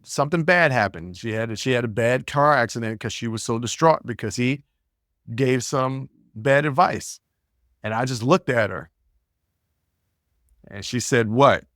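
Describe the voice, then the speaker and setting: A man's voice: medium pitch, moderate pace, long pauses, fairly bright tone, no room sound, clean studio sound. A man hosting a podcast, telling stories in a blunt, casual way and often repeating words as he thinks. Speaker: podcast host. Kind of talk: casual storytelling monologue.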